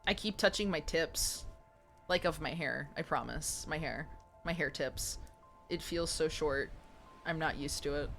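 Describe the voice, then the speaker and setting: A woman's voice: deep voice, measured pace, creaky, fairly bright tone, faint music behind. A woman in her twenties streaming a game live, chatting playfully and joking with viewers. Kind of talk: live gameplay commentary.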